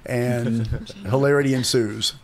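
A man who writes and directs plays, talking as a radio guest in a relaxed, hesitant way with many "um"s. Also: mid-range voice, slow, a little hiss or hum. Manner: relaxed, hesitant with "um"s and small laughs. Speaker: playwright and theatre director, guest. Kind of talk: casual interview.

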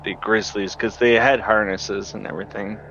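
A man's voice: lowish voice, fairly even intonation, moderate pace, a bit bright. A man playing a tabletop game, casual and swearing now and then. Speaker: player. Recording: dull lo-fi mic with faint noise.

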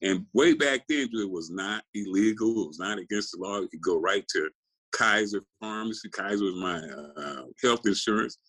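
Profane, rambling older man, low voice. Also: moderate pace, a bit bright, low-quality recording. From California. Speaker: guest. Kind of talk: casual interview chat.

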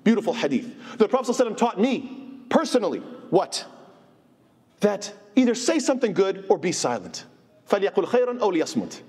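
A man giving an informal religious lecture, animated and asking his listeners rhetorical questions. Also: sits high, fast talker, slightly rough. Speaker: Islamic teacher. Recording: long hall reverb.

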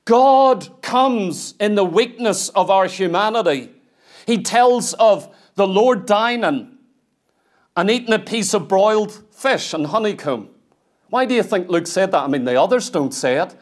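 Guy preaching a sermon, fairly high voice, keeps repeating lines with real fervor. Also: expressive, measured pace. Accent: Northern Irish. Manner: fervent, repetitive preaching cadence.

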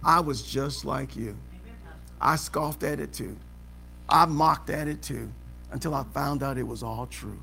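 A man preaching a sermon as pastor in a church auditorium, asking the congregation questions and building to shouts. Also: medium pitch, measured pace, gravelly, slight background noise. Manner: preaching with rising shouts and call-and-response questions. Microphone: live service recording.

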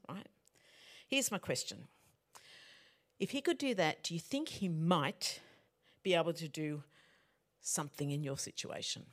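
A middle-aged woman preaching a sermon in a conversational way, often putting questions to her congregation. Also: fairly low pitch. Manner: animated, conversational, asks the audience questions.

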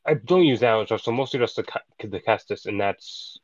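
A man's voice: fairly low pitch, fairly quick, no echo. A man playing in a tabletop game, talking in an earnest, hesitant way. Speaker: player. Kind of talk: tabletop role-play chat. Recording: dull dry lo-fi sound.

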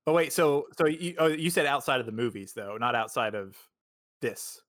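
A man's voice: mid-range voice, expressive, normal speed, a bit bright, no room sound. Hesitant man with a dry close voice. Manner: hesitant, filler-heavy. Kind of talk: casual podcast chat.

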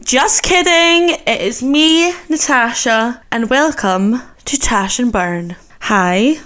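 A woman's voice: fairly high pitch, animated, slow, a bit bright. A chatty, giggly woman of twenty-five, hosting a solo podcast and nervously poking fun at herself. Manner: chatty, giggly, self-mocking. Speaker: podcast host.

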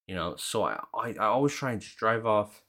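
A man's voice: lowish voice, a little fast. A man in his early thirties on a podcast, casually telling a story in a profane, ranting way and acting out both sides of the exchange. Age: 30s. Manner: profane, ranting, animated retelling. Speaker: podcast host.

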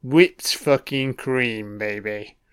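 A man voicing a creepy, mocking dream-killer, speaking low and hushed with crude taunts. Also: extremely slow, smooth. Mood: leering.

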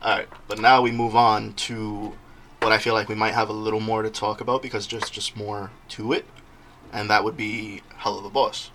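A young man hosting a casual podcast, telling stories in an animated way and often laughing. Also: fairly low pitch, normal speed, slight background noise. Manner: laughing, animated storytelling with quoted voices. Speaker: podcast host.

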